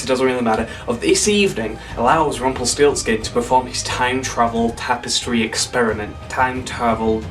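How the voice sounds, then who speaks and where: A man's voice: medium pitch, a bit bright, distant mic. Rambling man telling a comic story. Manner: rambling, self-correcting, playful asides. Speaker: storyteller pitching a sequel. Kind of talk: casual comedic retelling.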